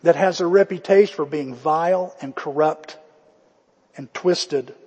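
A man's voice: a little high, measured pace, a little mellow, slightly rough, big-room sound, lo-fi sound. A male pastor preaching a sermon in a conversational storytelling way, acting out the quotes.

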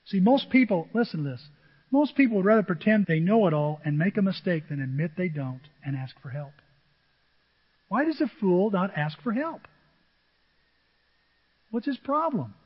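A man's voice: high-pitched, slightly rough. A male pastor preaching a sermon, driving his points home with repetition and rhetorical questions to the congregation. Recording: dull audio with long hall reverb.

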